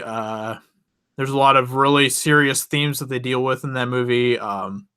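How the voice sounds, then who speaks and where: Young male host, bright voice, rambling and chatty, laughs a lot between lines. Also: medium pitch, fairly even intonation, normal speed, clear, resonant tone. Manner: rambling, chatty, laughs often, many restarts. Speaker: channel host. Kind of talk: casual late-night storytelling to viewers.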